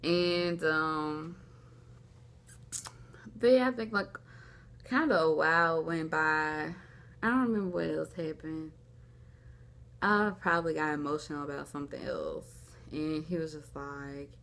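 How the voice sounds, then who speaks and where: A woman's voice: deep voice, a little slow, creaky, pauses often, fairly bright tone. A young woman vlogging at home, telling a personal story in a rambling, casual way, acting out what people said. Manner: rambling, lots of "like", acts out quoted dialogue. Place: at home, indoors.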